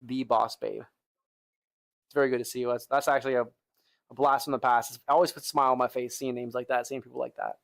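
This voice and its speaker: Gravelly yet fairly bright, this young man's medium-pitched voice comes out brisk and flat. He's streaming live from the gym, talking easygoingly to chat between lifts with plenty of "bro" and "like," sighing between sets on tired arms.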